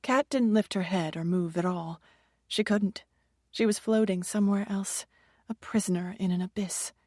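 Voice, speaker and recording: A woman narrating a suspense audiobook in a measured, even reading. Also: medium pitch, no room sound, clean studio sound.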